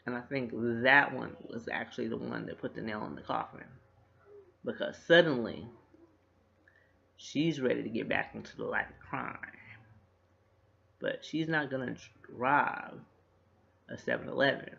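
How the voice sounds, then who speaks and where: Gravelly man recapping a TV episode. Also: mid-range voice, unhurried, pauses often, a little hiss or hum. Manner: animated retelling, acts out characters' lines with laughter. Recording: dull lo-fi recording.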